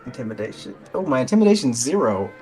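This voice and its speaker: A man's voice: medium pitch, big pitch swings, fast talker, dark tone, faint music behind. Joking man playing a tabletop game. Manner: joking, loose, swears casually. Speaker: player. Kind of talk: casual tabletop game play.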